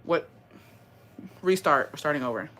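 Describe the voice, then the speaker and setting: A woman's voice: low-pitched, moderate pace. Young woman swearing and chatting animatedly. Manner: animated, swears a lot, mixes in Spanish words; bursts of laughter and dramatic reactions. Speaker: host reading viewer stories. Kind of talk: casual chat.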